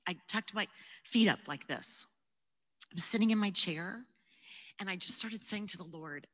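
A woman giving a personal testimony and Bible teaching, talking earnestly and conversationally and sometimes dropping to a hush. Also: medium pitch, unhurried, pauses often. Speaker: Christian speaker teaching the Bible. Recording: long hall reverb.

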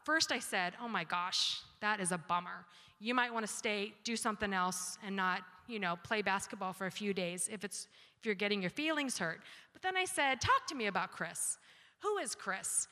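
A woman in her forties with a bright, slightly high voice gives a talk with slides. She tells stories from family life in an animated way and acts out her kids' replies. Her voice rings with the long reverb of a hall. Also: normal speed. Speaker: speaker giving a talk on grace. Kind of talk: talk with slides, parenting anecdotes.

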